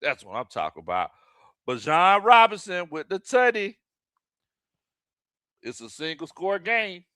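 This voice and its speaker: A man hosting live watch-party commentary, excitable and often shouting and laughing. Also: high voice, measured pace, pauses often, clean tone, no echo, clean studio sound. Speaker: sports livestream host.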